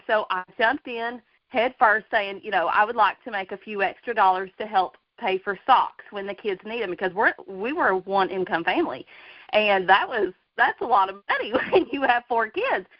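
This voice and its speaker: A woman's voice: fairly high pitch, dry recording. Woman, 30s, earnest storyteller, dull dry call audio. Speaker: guest. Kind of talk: casual personal story.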